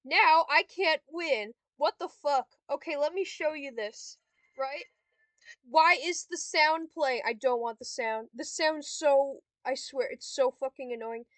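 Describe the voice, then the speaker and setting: Young woman gamer, high voice, slow unhurried delivery, keeps cursing at the computer. Dry, close sound. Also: a bit bright, no room sound. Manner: swearing, frustrated outbursts at a computer opponent. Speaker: gamer vlogger. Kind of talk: casual gameplay commentary.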